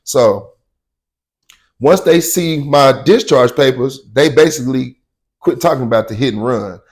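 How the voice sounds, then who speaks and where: A man casually telling a personal story in slang, often saying "you know what I'm saying" and loudly acting out shouted quotes. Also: mid-range voice, a little slow, slightly rough.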